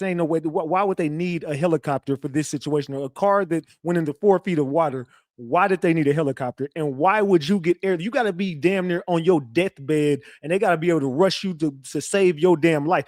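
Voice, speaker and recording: A man with a high voice hosts a live stream and reacts to a clip with open disbelief. He swears freely and keeps asking the chat what it thinks. His voice sounds dry and close. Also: animated, brisk, hardly any pauses, no echo.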